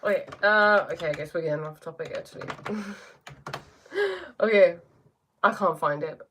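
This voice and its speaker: A woman's voice: on the low side, normal speed, a bit bright, slight background noise. English woman chatting on her live stream, reads out comments and answers em, easygoing teacher vibe. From England. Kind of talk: casual live-stream chat.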